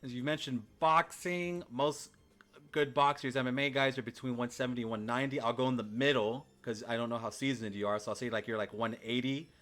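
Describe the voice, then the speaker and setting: A man's voice: mid-range voice, fairly even intonation, brisk, fairly bright tone. A man hosting a podcast, chatting in an easygoing way and dropping lots of fillers. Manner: easygoing, many fillers like "like" and "dude". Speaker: podcast host. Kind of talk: casual chat.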